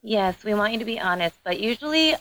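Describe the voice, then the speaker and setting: A woman guest chatting casually on a podcast, upbeat and quick to laugh. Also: medium pitch, expressive, a bit bright, low-quality recording. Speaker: guest game producer.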